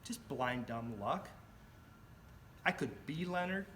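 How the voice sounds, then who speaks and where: A middle-aged man telling a personal story in a club speech, animated and acting out the voices of the people in it. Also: mid-range voice, slow, slight background noise. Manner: animated, acts out quoted voices. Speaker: club speaker.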